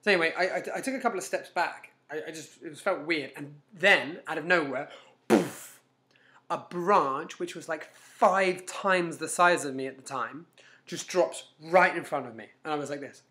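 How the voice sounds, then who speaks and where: A man's voice: a little high, normal speed. A man giving a casual motivational talk to camera, telling stories with lots of restarts and acting out inner voices. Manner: animated storyteller, frequent restarts, acts out inner voices. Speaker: self-help vlogger.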